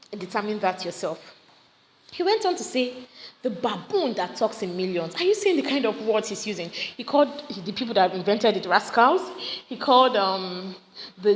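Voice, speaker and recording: Her medium-pitched voice and Nigerian accent come through as she explains a poem to students, keeping things casual and lively with frequent questions. The lesson was recorded at home near running generators. There's reverb and a faint generator hum in the audio.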